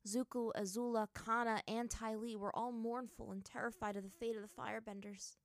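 A woman's voice: on the high side, flat delivery, a little fast, dry recording. A woman reading fan fiction aloud as narrator, with dramatic storytelling.

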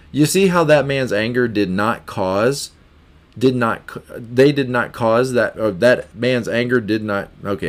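A man hosting a podcast, giving a motivational self-help talk in a repetitive, emphatic way and acting out example scenarios. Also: medium pitch. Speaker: podcast host.

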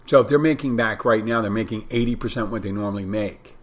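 A man's voice: on the low side, quick pace. A middle-aged man hosting a podcast alone, chatting in a rambling way and often correcting himself. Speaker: podcast host, bartender. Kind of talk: casual solo podcast talk. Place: home in the Florida Keys.

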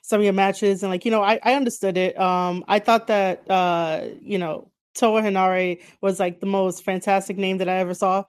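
A woman's voice: mid-range voice, steady tone, normal speed, few pauses, clean tone. A woman hosting a casual interview, rambling with many fillers and easy laughs. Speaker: interviewer, podcast host.

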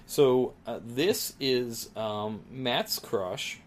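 A man's voice: medium pitch, very slow, a little hiss or hum. A man co-hosting a podcast, rambling casually with restarts and easy laughs. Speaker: podcast co-host. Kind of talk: casual chat.

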